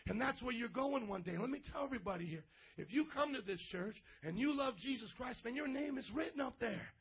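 High husky preacher dude hyping up a church crowd, slangy, shouts a lot, muffled lo-fi audio. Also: male voice, a little fast. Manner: energetic, slangy, bursts into shouts. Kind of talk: lively youth sermon. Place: church service.

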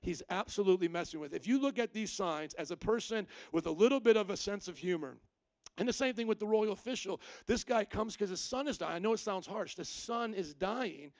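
A male pastor with a high voice preaches, animated and playful as he acts out lines with humor. The sound is dry and close. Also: brisk, no echo. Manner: animated storytelling, acting out quoted lines with humor. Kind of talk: sermon. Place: church service.

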